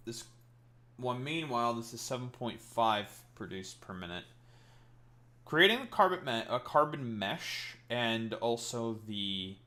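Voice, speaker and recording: Bright-voiced profane male streamer. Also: medium pitch. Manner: profane, ranting at chat. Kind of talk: casual live-stream gaming commentary.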